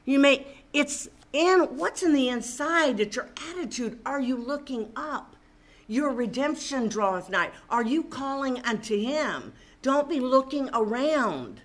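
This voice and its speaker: A woman's voice: high voice, lively intonation, unhurried. A woman preaching a sermon, reading scripture aloud and commenting with rising emphasis.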